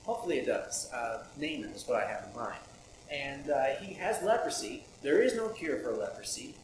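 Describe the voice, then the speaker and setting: A man's voice: medium pitch, big pitch swings, moderate pace. Man preaching in an echoey room. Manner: conversational, asks rhetorical questions. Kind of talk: sermon. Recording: echoey room with audible background noise.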